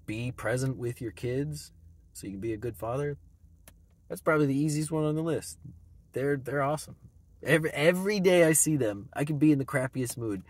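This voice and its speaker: A man's voice: medium pitch, a little fast. A man in his thirties, a vlogger giving himself a reflective, reassuring pep talk, chuckling often. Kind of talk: personal self-pep talk.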